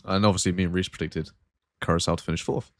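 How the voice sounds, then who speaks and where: A man's voice: deep voice, fairly even intonation, quick pace, dry recording, studio quality. A man hosting a football podcast, talking casually and rambling with frequent fillers. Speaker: podcast host. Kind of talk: casual chat.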